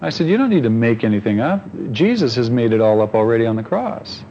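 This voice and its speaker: A man's voice: mid-range voice, sing-song, quick pace, dark tone, muffled recording, a little hiss or hum. A pastor preaching a conversational sermon, asking his congregation questions and telling stories.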